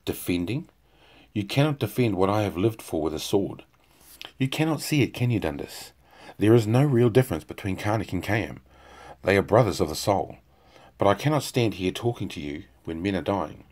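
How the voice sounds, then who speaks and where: A man's voice: on the low side, animated, moderate pace, darkish tone. A man doing a bitter sarcastic surgeon. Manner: cutting, sarcastic. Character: bitter outspoken male army surgeon.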